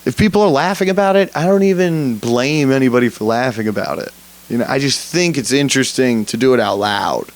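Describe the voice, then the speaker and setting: A man's voice: medium pitch, brisk. A young man hosting a solo podcast, rambling profanely in a casual rant, often laughing at himself. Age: young adult. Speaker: podcast host.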